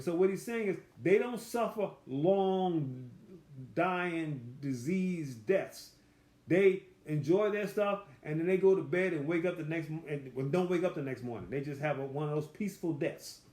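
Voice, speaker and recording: A man leads a conversational Bible study in a fairly high voice. He reads each verse slowly and with weight, then unpacks it in plain, folksy talk. The sound is echoey, as if he is in a bare room. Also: darkish tone. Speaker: Bible teacher.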